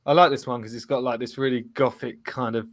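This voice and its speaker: A man's voice: medium pitch, steady tone, fast talker, no echo. A man hosting a casual live-streamed football show, chatty, reading out viewers' comments and laughing often. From England. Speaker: host.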